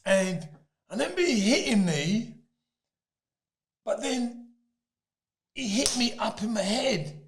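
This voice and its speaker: Brief: man in his fifties, a high, lively storyteller who laughs often. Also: slow pace, pauses often, slight background noise. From Britain. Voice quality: laughs often mid-story, loud emphatic bursts. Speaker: guest. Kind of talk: animated storytelling.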